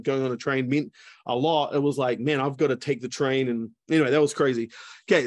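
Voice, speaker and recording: A man's voice: on the high side, no echo, studio quality. A man telling a story in a casual, chatty way, full of asides, over a video call. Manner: chatty, lots of fillers and asides. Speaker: speaker.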